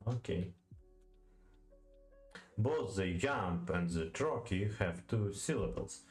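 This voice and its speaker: A man with a Russian accent, his voice low and unhurried, works through poetry notes aloud in a halting way. He stops often and says words over several times to get them right. The room is echoey, with faint music behind him. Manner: halting, many fillers, repeats words to practice pronunciation. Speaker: language learner studying poetry. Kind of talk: reading aloud and thinking aloud while studying.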